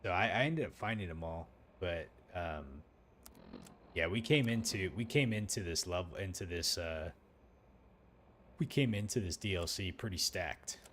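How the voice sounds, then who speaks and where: A man's voice: sits low, lively intonation, moderate pace, a bit bright, slight background noise. A man hosting a let's play, giving loose, rambling commentary full of fillers as he plays.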